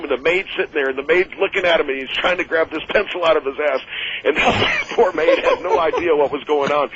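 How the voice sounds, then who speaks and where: A man's voice: fairly high pitch, fairly bright tone, slight background noise. A middle-aged man, a former wrestler, telling rambling, chuckling stories as a guest on a radio show. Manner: rambling, chuckling storyteller with many fillers. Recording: dull lo-fi radio audio.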